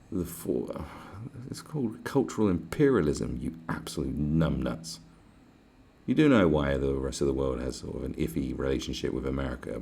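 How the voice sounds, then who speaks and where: A man's voice: a bass voice, creaky, dark tone, a little hiss or hum. A man with a British accent, delivering a mocking, profane, sarcastic rant in reply to comments. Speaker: commentary vlogger.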